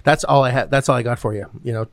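A man's voice: medium pitch, fairly even intonation, rapid-fire, dry recording. Blunt, salty-talking man, dry close sound. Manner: blunt, swears freely, acts out quoted voices. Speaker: podcast host, real estate investor. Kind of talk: casual chat.

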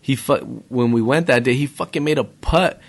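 Gravelly man in laid-back profane chat. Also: mid-range voice, moderate pace. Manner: laid-back, profane, says bro and dude a lot. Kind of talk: casual chat.

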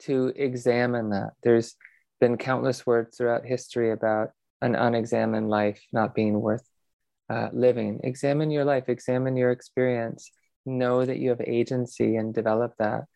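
Gravelly man, reflective guest. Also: medium pitch, level tone, moderate pace, mellow, dry recording. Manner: reflective, earnest, many fillers. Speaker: podcast guest, meditation teacher. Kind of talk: relaxed interview conversation.

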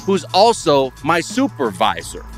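Lively, playful male podcast host. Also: fairly high pitch, unhurried, faint music behind. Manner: playful, riffing, breaks into goofy sung bits. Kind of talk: casual comedic podcast chat.

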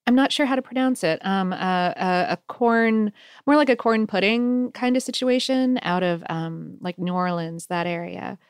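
A woman's voice: medium pitch, fairly even intonation, normal speed, clean tone, no room sound, studio quality. A woman co-hosting a podcast, chatting casually and reading listener mail, with many "like"s and "um"s. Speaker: podcast co-host.

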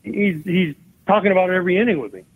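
A man's voice: high voice, fast talker, breathy edge. A man in his forties, a podcast guest and former baseball catcher, telling a long story and acting out both sides of old conversations. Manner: animated, acts out both sides of remembered dialogue. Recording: phone-like narrow-band line.

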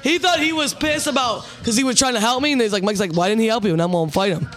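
A man's voice: very high voice, racing, a bit bright. A man co-hosting a podcast, teasing and swearing in casual banter, recorded in a bar. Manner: teasing, profane, jokey. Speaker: podcast co-host. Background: music.

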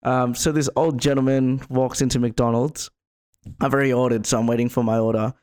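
A man's voice: medium pitch, level tone, fairly quick, darkish tone. Casual man telling a story. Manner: rambling, lots of fillers.

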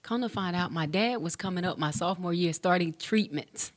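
A woman's voice: lowish voice, a little fast, no room sound, studio quality. A woman in her forties, a former pro basketball player, telling a personal story casually and acting out the dialogue with slang. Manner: animated, acts out dialogue with slang.

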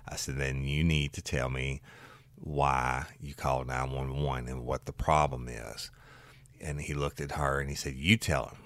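A former deputy tells a story from his patrol days, blunt and animated, swearing freely. His voice is extremely deep and low. The recording is close and dry. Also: a little slow, no echo. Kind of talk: casual true-crime storytelling.

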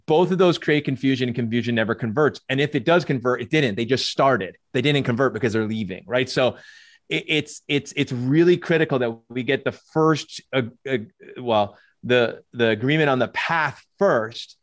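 A man's voice: mid-range voice, moderate pace, no echo. Emphatic man on a podcast. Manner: emphatic, repeats words as he builds a point. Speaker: podcast co-host coaching chiropractors. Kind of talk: casual podcast conversation.

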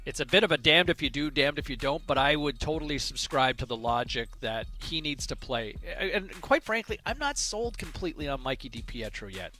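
A man co-hosting a sports talk show, with a bright, forceful voice that sits a touch high. He talks in animated, casual banter and stumbles over repeated words before landing his point. Faint music plays under him. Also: fairly quick, few pauses. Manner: animated, repeats words when starting thoughts. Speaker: sports radio co-host.

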